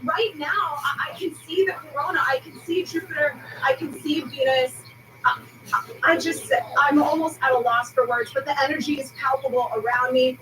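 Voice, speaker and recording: A woman meteorologist reporting live, awestruck and emotional, halting as she searches for words. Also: high voice, fairly even intonation, far from the mic. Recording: TV audio taped from across a room, noisy.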